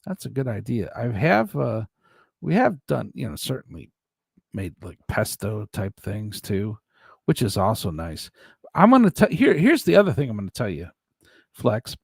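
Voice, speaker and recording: Chatty stream host, male, gravelly voice with lively ups and downs, jokey and rambling. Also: medium pitch, normal speed, dry recording, clean studio sound. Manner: rambling, joking, laughs often. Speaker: livestream host reading chat. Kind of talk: casual chat.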